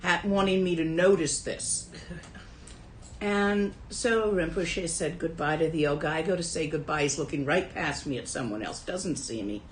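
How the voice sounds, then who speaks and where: A woman's voice: low-pitched, moderate pace, echoey room, slight background noise, rough recording. A woman who teaches Buddhism and translates Tibetan, telling a story from her own life in a dharma talk in a casual, wry way.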